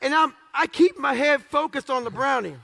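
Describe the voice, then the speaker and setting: A man giving a live motivational speech, telling his life story bluntly and with profanity, acting out the dialogue and breaking into shouts and laughing asides. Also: extremely high pitch, moderate pace, gravelly, slight background noise. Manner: lively storyteller who acts out dialogue. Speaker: motivational speaker.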